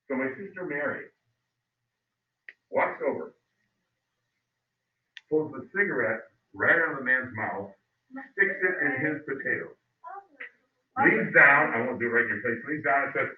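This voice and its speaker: A middle-aged male history teacher telling a story to his class, animated and acting out voices. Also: mid-range voice, a little slow, long pauses. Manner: animated, acts out voices, loud bursts. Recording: phone-like, echoey, distant mic.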